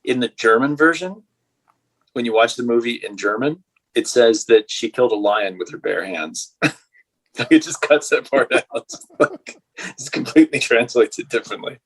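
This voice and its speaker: A man chatting casually about an old film on a podcast, his voice a bit husky. He rambles and circles back with plenty of fillers, laughing now and then. His pitch sits in an ordinary middle range. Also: lively intonation, moderate pace, a bit bright. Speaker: podcast host.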